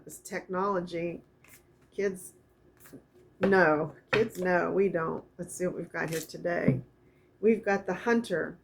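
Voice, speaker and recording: A middle-aged woman giving a casual spiritual oracle card reading, talking in a soft, meandering way and reading card texts aloud slowly. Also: fairly low pitch, steady tone, gravelly, heavy background noise.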